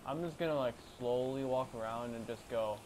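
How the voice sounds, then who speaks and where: A young man giving casual, profane gameplay commentary who often shouts excitedly. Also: mid-range voice, normal speed, background noise.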